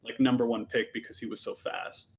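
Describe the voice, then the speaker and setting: A man's voice: medium pitch, flat delivery, a little fast, creaky, breathy edge. A man guest commentating a live game stream, agreeable and a little hesitant, with frequent restarts.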